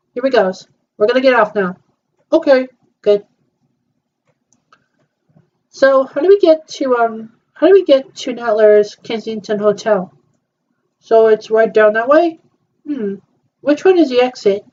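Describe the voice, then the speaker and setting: Woman doing a travel roleplay, kinda high voice, hesitant with lots of ums, dull lo-fi recording. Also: lively intonation, a little mellow. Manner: hesitant, halting talk with many fillers. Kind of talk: acting out a trip with several voices. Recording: dull lo-fi sound.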